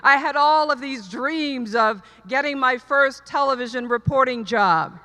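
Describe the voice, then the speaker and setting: Middle-aged woman giving a graduation speech, high bright voice, earnest, hall echo. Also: a little slow. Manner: earnest storytelling with repeated emphatic phrases. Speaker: commencement speaker. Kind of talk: commencement speech. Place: large hall, live audience. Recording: long hall reverb.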